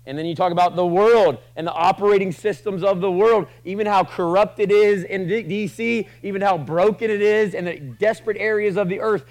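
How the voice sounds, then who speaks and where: A man with a slightly higher voice preaches a sermon to a live room. He talks casually and jokes, then builds to loud, passionate runs before dropping to quiet asides. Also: moderate pace, hardly any pauses, low-quality recording. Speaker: pastor.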